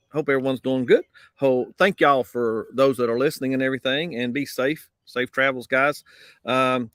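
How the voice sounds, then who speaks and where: A man's voice: medium pitch, a bit bright, no echo, clean studio sound. Laid-back man chatting outdoors. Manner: easygoing, drawls greetings to viewers. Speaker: host of a live morning show. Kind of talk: casual live-stream chat. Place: outdoors on a windy day. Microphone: basic mic, no wind cancelling.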